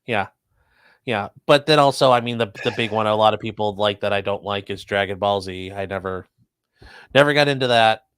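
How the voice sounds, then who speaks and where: A man's voice: on the low side, brisk, a bit bright, smooth, no room sound. A man hosting a casual livestream chat, rambling and laid-back. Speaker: host.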